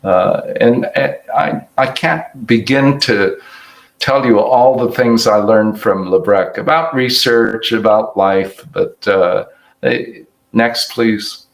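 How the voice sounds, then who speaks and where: An older man delivers an academic lecture in a low, gravelly voice. He speaks slowly and reflectively, pausing and restarting as he works through his slides. His tone stays unhurried throughout. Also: low-quality recording. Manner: halting, reflective, many restarts. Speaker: hepatologist giving award lecture.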